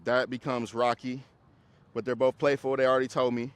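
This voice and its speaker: A man's voice: medium pitch, flat delivery, fairly quick, clear, resonant tone. Casual male dog trainer coaching live. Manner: casual, coaching, talks to dogs and handlers. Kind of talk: live coaching during a group class.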